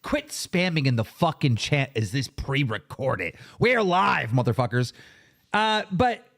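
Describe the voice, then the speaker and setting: A man's voice: medium pitch, big pitch swings, unhurried, vocal fry, a bit bright. A man hosting a livestream, ranting angrily and cursing heavily as he tells his side of a story. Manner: profane, heated, emphatic. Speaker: livestream show host. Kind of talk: angry livestream rant.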